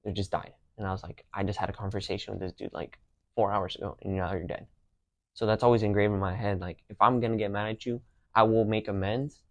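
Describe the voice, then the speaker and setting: A man's voice: lowish voice, steady tone, quick pace, dry recording. A young man hosting a podcast, telling personal stories in a casual, slangy way. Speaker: podcast host.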